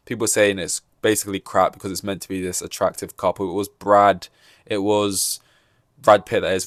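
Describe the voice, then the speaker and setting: A man's voice: on the low side, no room sound, clean studio sound. A man hosting a solo podcast, rambling and joking while he acts out other people's lines. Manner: rambling, jokey, acts out quoted voices. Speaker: podcast host.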